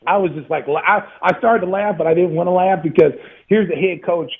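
A man in his fifties, a former pro basketball player, telling profane, animated stories in an interview with frequent laughs over a phone-like line. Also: high voice, a little fast, breathy edge. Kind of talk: casual storytelling interview.

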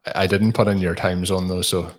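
A man's voice: low-pitched, flat delivery, fairly quick. A man with an Irish accent, hosting a podcast in an easygoing, self-deprecating way. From Ireland. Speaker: podcast host. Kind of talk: casual podcast chat.

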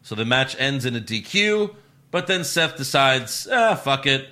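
A man talks through a recap in a loose, joking way, with a bright, forward tone. He speaks at a middle pitch. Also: sing-song, measured pace. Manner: loose, laughing, jokey recapping with put-on voices. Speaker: podcast co-host recapping wrestling. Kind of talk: casual chat.

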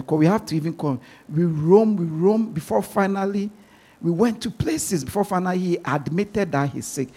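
Husky, animated preaching man. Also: high voice. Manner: emphatic, repeats words while pressing a point. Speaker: pastor. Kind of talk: sermon.

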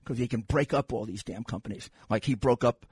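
An older man hosting a political talk radio show, animated and restarting his phrases as he talks. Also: mid-range voice, a little fast, slightly rough, dry recording, clean studio sound.

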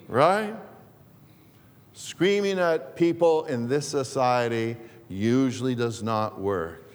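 A man preaching a sermon as pastor in a church, unhurried, repeating key phrases and asking the congregation questions. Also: mid-range voice. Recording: long reverb of a church hall.

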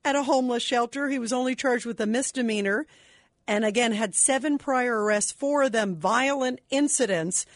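A woman's voice: a little high, moderate pace, dry recording, clean studio sound. A woman hosting a talk radio show, indignant and emphatic as she takes calls. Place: radio studio.

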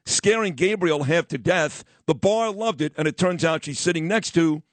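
A middle-aged man hosts a radio show, spinning stories and sports takes in a lively, wisecracking way. His voice sits a bit high. The studio sound is dry and close. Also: normal speed, dry recording. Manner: animated, wisecracking, acts out others in quoted voices. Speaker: radio host. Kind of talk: casual storytelling and sports talk.

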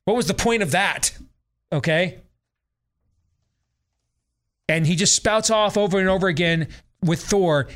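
A man's voice: high voice, unhurried, long pauses, fairly bright tone. A middle-aged man hosting a talk show, ranting sarcastically in a casual monologue and mimicking voices. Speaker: radio talk show host.

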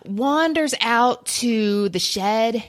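A woman hosting a podcast, giving quick, chatty book recommendations in a casual conversation. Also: a little high, expressive. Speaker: podcast host. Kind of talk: casual chat.

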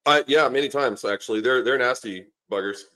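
A man's voice: mid-range voice, brisk, pushed and bright. A middle-aged man from Canada, a former lineman and coach, chatting casually as a podcast guest and rambling through stories with lots of fillers and restarts. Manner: easygoing, rambling storyteller with many fillers and restarts.

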